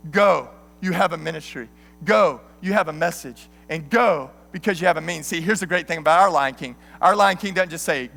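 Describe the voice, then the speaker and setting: A man in his thirties preaching a sermon as an animated, joking storyteller. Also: a little high, fairly quick, gravelly, slight background noise. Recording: long hall reverb.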